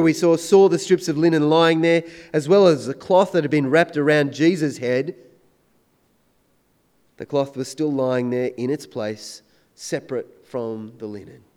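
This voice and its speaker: A man preaching a sermon, swinging between loud emphatic declarations and hushed, intense questions. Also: a little high, clear, resonant tone.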